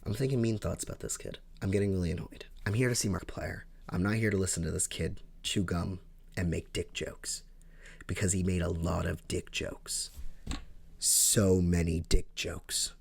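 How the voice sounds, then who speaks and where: A young man tells a rambling story to camera, his voice sitting low with a gravelly, fry-laden texture. He gets excitable, suddenly jumping up in pitch and loudness before settling back into casual chat. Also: normal speed. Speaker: vlogger.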